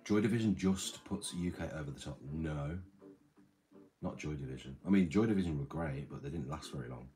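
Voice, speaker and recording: A man's voice: extremely low pitch, a little fast, dark tone, faint music behind. A man hosting a livestream, rambling casually, reading chat and swearing freely.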